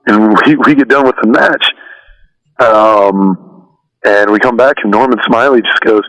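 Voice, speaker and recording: A man as an interview guest, telling stories in a relaxed, rambling way with many fillers. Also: fairly low pitch, unhurried, poor audio. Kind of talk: casual storytelling interview.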